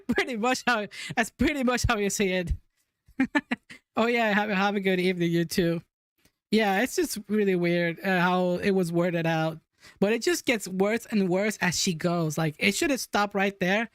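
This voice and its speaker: A woman's voice: mid-range voice, measured pace, dry recording, studio quality. A woman hosting a podcast, chatting casually and giggly as she reacts to clips and reads the chat.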